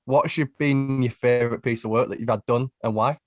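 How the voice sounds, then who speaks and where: A man's voice: medium pitch, fairly even intonation, brisk, no room sound, clean studio sound. A young man co-hosting a podcast, asking a guest about his tattoos in a casual, hesitant way and rephrasing as he goes. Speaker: podcast co-host. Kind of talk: casual interview.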